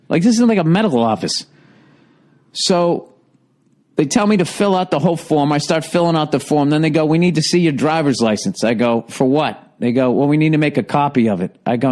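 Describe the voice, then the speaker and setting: A man with a Boston accent ranting in a podcast monologue, swearing freely and sounding fed up. His voice sits a little high for a man, and he switches into quick impressions of the people in his story. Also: expressive, darkish tone. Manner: profane, exasperated, mimics others in quoted dialogue. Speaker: comedian podcast host. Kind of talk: comedic rant, storytelling.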